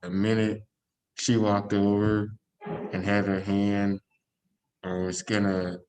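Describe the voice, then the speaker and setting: A man with a very low voice chatting on a podcast. He talks in a relaxed, easygoing way and often backs up his co-host with quick murmurs. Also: poor audio. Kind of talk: casual chat.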